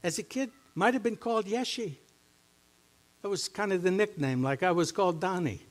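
A middle-aged man, a pastor preaching a sermon in a church, moving between quiet, low musing and loud, emphatic teaching. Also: normal speed. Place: church sanctuary.

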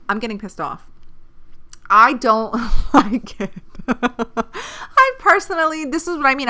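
In a casual podcast monologue, a thirtysomething host dishes out dating advice with blunt, profane energy. She rants in an animated, opinionated way, her medium-pitched voice bright and smooth.

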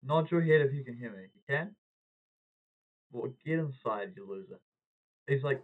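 A man's voice: medium pitch, normal speed, long pauses. Man telling stories over tinny audio. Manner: animated anecdote-telling, acting out quoted lines. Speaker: podcast host. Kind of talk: casual storytelling.

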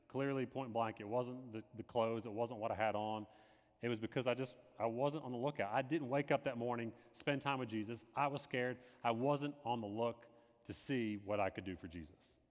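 An earnest man tells a personal faith testimony in a sermon-like way. He repeats key phrases and swings between hushed, quiet lines and emphatic bursts. His voice sits at an ordinary pitch and carries a long hall reverb. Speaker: lay speaker giving a testimony.

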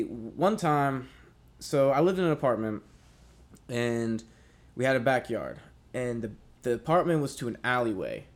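A young man telling a story in casual chat, rambling and swearing, with lots of fillers. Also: mid-range voice. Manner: rambling, profane, many fillers.

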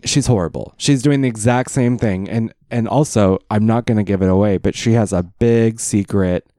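A man's voice: on the low side, normal speed, dark tone, no echo, studio quality. A man co-hosting a podcast, chatting casually and animatedly, slipping into exaggerated impressions. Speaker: podcast co-host. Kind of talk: casual chat.

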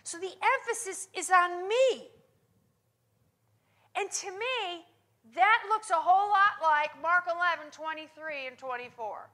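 Woman preacher, unhurried, with a bright and forceful tone. She is emphatic and keeps checking in with the room. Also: extremely high pitch. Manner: emphatic, often checks in with listeners. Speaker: Bible teacher. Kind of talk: sermon-style teaching.

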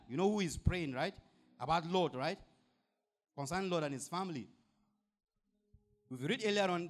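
A male pastor delivers a sermon with a lively, swooping delivery that climbs well above his usual pitch. He reads scripture aloud, then breaks it down with emphatic rhetorical questions and repeated hallelujahs.

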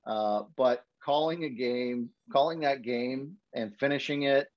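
Animated man telling a story. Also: a little slow, no echo. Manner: animated storyteller, acts out quotes with high voice jumps. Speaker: hockey broadcaster, podcast guest. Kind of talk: casual storytelling chat. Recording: dull, dry podcast audio.

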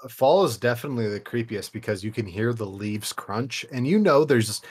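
A man's voice: mid-range voice, animated, normal speed, breathy edge. A young man co-hosting a podcast, telling a story in a loose, rambling way with casual swearing. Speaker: podcast co-host.

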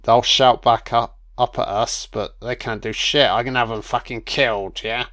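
A man's voice: mid-range voice, steady tone, moderate pace, a bit bright, lightly acted. A man voicing a smug, scheming sheriff, boastful and crude, in a sneering mocking tone.

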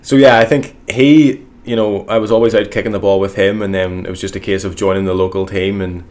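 Deep-voiced young Northern Irish man. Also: a little fast. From Northern Ireland. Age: young adult. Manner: relaxed, frequent ums, modest. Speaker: guest. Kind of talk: casual interview chat.

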